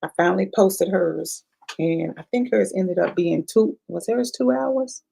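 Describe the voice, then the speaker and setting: A woman's voice: lowish voice, a little slow, gravelly, dark tone, husky, rough recording. A woman practitioner giving a chatty, profane review of a past life regression session to her viewers, repeating herself and calling them y'all. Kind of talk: casual livestream review talk.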